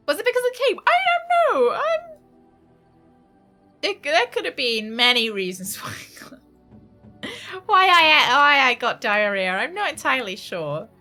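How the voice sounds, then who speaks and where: A woman streaming a game from home, chatting casually, laughing often and switching into a high baby voice for her dog. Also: bright, forceful tone. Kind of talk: casual live-stream chat.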